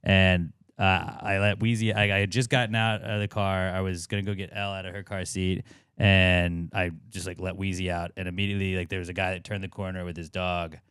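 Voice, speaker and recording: Smooth-voiced man telling stories casually. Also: sits low, level tone, brisk, fairly bright tone, no echo, clean studio sound. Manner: rambling profane storytelling with filler words. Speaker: podcast co-host. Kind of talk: casual podcast chat.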